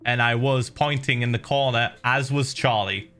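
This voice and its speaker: A man hosting a livestream, telling a story in casual chat, animated and laughing, with swearing and many fillers. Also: medium pitch, normal speed, faint music behind. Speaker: livestream host.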